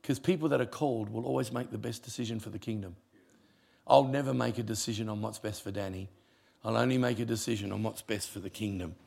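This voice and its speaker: A male pastor, preaching a sermon with punchy humour and sudden drops to quiet. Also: lowish voice, fairly even intonation, fast, gravelly.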